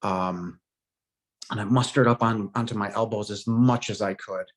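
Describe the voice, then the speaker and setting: A middle-aged man telling the story of his near-death experience in a halting, emotional way, with many pauses and fillers. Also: on the low side, steady tone.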